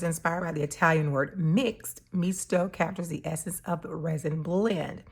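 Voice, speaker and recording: A woman hosting her stationery channel, casually chatting through an unboxing and pen demo with a slow, relaxed manner and soft laughs. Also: lowish voice, creaky, a little hiss or hum.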